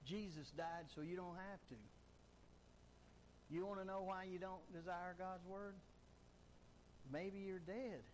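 A man's voice: high voice, fairly even intonation, unhurried, long pauses, a little hiss or hum, low-quality recording. A man preaching a sermon emphatically, driving his points home with repeated rhetorical questions. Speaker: pastor.

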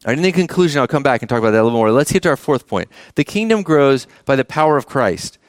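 A man's voice: medium pitch, big pitch swings, fast, no room sound, studio quality. A man preaching a sermon as the church's pastor, talking conversationally and often asking the congregation questions.

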